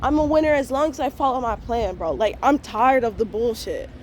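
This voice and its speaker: A woman in her twenties vlogging a frank, profane morning rant to her viewers, full of slang and talking things through out loud. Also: a little high, brisk, a little hiss or hum. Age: 20s. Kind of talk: casual morning rant to camera.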